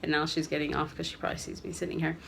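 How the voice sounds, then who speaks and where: A woman's voice: sits low, little pitch movement, racing, vocal fry, slight background noise. A woman, a mother vlogging at home, talking candidly to the camera in a rambling way with many fillers. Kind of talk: casual talk to camera. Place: home living room.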